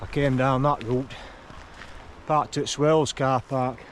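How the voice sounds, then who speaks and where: A man's voice: medium pitch, steady tone, a little hiss or hum. A man, out of breath as he chats casually while climbing a forest track for his hiking vlog. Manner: chatty, rambling, unhurried. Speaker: hiking vlogger. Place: forest track outdoors, walking uphill.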